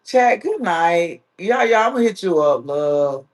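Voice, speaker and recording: A man with a high voice who talks in an unhurried, drawn-out way. He hosts a casual live stream and banters playfully with his viewers, teasing them as he reads their comments aloud. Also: big pitch swings. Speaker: livestream host.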